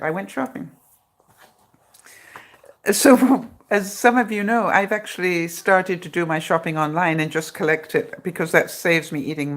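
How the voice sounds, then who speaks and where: A middle-aged woman with a low voice talks casually into her phone on a live broadcast. She chats with viewers, laughs easily and leans on dry, sarcastic humor. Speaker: vlogger hosting a live broadcast. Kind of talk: casual live-stream chat.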